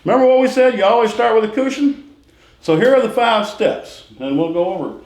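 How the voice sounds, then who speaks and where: A middle-aged man teaching a sales training class, repeating key phrases and quizzing the room with quick questions. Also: sits high, animated, darkish tone. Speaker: real estate sales instructor. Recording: echoey room with faint noise.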